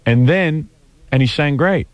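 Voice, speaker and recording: A man's voice: on the high side, unhurried, muffled recording. A man in his forties hosting a radio talk show, telling rambling, self-deprecating stories in casual chat. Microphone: studio microphone.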